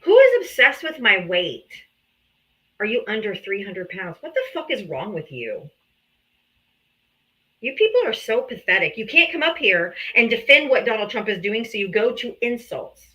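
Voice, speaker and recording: A woman's voice: medium pitch, very animated, moderate pace, sharp tone, poor audio. A woman hosting a live political debate stream, combative, sarcastic and heavy on profanity.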